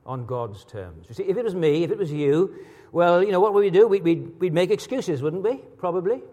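A man's voice: high-pitched, a little fast, dark tone, big-room sound. A man preaching a sermon, asking rhetorical questions and building to emphatic peaks.

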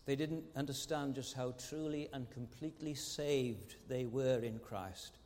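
A man's voice: mid-range voice, measured pace, darkish tone. A man preaching a sermon as pastor, earnest and fond of rhetorical tag questions. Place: large church sanctuary. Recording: long church hall reverb.

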